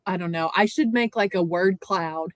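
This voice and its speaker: A woman's voice: on the low side, moderate pace, no room sound. A woman hosting a casual livestream chat, greeting viewers by name in a chatty way. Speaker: livestream host.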